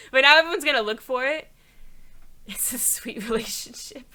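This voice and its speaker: A woman's voice: high-pitched, moderate pace, bright, forceful tone. A young woman streaming a horror game, chatting casually and laughing often into a desk mic. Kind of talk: casual let's play commentary.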